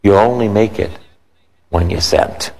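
A man preaching a sermon in an animated way, with his voice jumping high when he retells scenes. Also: measured pace, creaky. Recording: long reverb in a large hall.

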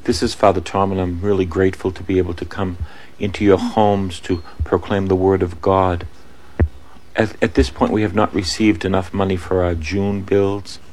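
Deep-voiced radio priest making announcements. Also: male voice, flat delivery, darkish tone, low-quality recording. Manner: repeats addresses and numbers slowly for listeners. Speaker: Catholic priest, radio host.

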